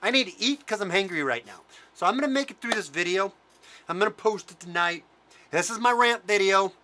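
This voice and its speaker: A man rants straight at the camera in a bright, high voice that jumps up and down in pitch. His talk is crude and heated, full of swearing and mockery. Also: lively intonation, a little fast, a little hiss or hum. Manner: profane, heated and mocking. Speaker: vlogger. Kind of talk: angry ranting commentary.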